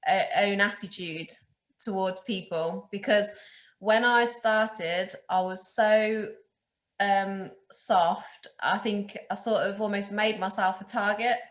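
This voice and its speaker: Woman host, electrician, bright forceful tone, chatty and encouraging, roomy echo. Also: medium pitch. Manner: chatty, quick to agree and encourage. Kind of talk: casual chat.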